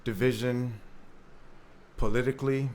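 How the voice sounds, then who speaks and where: A man's voice: mid-range voice, steady tone, a little slow, a little mellow, a little hiss or hum. A man from Jamaica speaking as a panelist in a panel discussion, telling a story with energy and repeating words while he searches for them.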